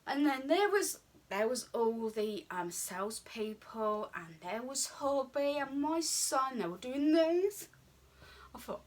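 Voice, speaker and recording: A woman's voice: on the high side, animated, unhurried. A British woman in her fifties telling a personal story to camera in a rambling, chatty way, with lots of ums and asides and her own thoughts acted out in quotes. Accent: British English. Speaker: vlogger.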